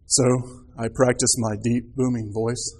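A man's voice: medium pitch, level tone, a little slow, darkish tone. A man in his thirties preaching a sermon, telling stories with rhetorical questions and rising emphasis.

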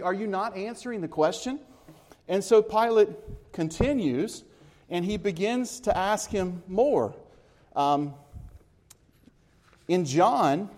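Male preacher, slightly raised pitch, chatty sermon delivery that acts out the dialogue. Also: darkish tone. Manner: conversational, explaining scripture with everyday comparisons; retells dialogue, acting out the speakers.

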